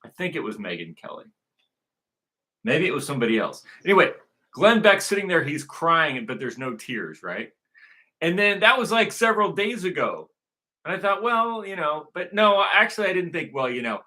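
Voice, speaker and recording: Guy ranting on his own show, keeps repeating himself, swears a lot, kinda high bright voice. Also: big pitch swings, normal speed. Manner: repetitive, profane, emphatic. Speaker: show host. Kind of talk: ranting monologue.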